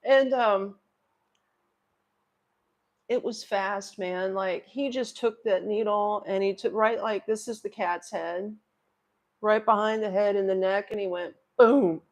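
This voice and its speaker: A woman's voice: mid-range voice, fairly even intonation, a little slow. A middle-aged woman hosting a livestream, telling a personal story to her chat in a rambling, emotional, casual way. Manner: rambling, emotional, talks straight to viewers. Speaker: livestream host.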